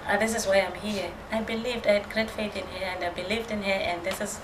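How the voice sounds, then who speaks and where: A woman's voice: mid-range voice, steady tone, brisk. Earnest woman telling her story, roomy. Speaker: guest. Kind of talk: casual chat. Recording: roomy with background noise.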